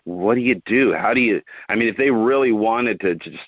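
Man, podcast host, low voice, thoughtful, halting, dull dry sound. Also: dry recording. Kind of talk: podcast interview.

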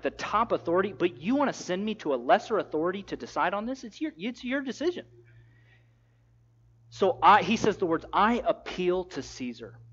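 Animated high-voiced male preacher. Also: muffled recording. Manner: animated storytelling, acting out quotes in a casual voice. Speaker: pastor. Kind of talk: sermon.

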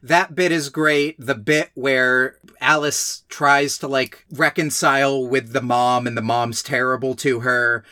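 A man's voice: mid-range voice, fairly even intonation, unhurried, few pauses, sharp tone, no echo, clean studio sound. A man in casual conversation reviewing a film, sarcastic and exasperated, swearing freely.

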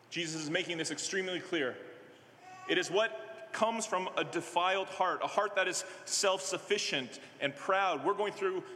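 A male minister preaching a sermon in a conversational way, halting often with fillers and restarts. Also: high-pitched, sharp tone, slight background noise. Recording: echoey hall with long reverb.

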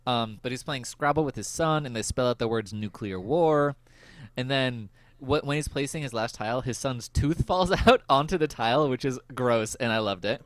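A male podcast host chatting casually about a TV episode, laughing often and filling pauses with "um.". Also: medium pitch, dry recording. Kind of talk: casual chat recapping a TV episode.

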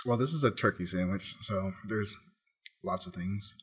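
A man co-hosting a casual podcast, cracking dry, low-key jokes. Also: normal speed, slightly rough. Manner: dry, quietly joking. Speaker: podcast co-host. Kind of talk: casual chat.

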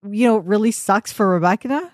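A woman's voice: mid-range voice, fast, a little mellow, no echo, clean studio sound. A woman hosting a tennis podcast, chatting casually and with strong opinions, often laughing. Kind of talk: casual chat.

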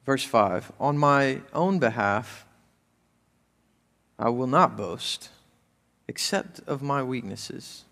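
A male pastor preaching a sermon, moving between hushed scripture reading and raised, urgent appeals to the congregation. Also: medium pitch, animated, takes it slowly, creaky, pauses often, big-room sound.

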